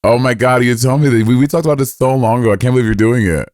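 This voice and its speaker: A man's voice: mid-range voice, racing, a little mellow, no room sound, clean studio sound. A man co-hosting a podcast, talking in a campy, teasing way. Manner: campy, teasing, sassy slang. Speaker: podcast co-host. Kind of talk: casual chat.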